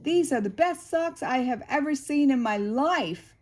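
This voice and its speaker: A woman reading aloud and voicing an excited, stubborn little girl in a storybook, with an eager sing-song manner. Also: sits high, unhurried. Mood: thrilled.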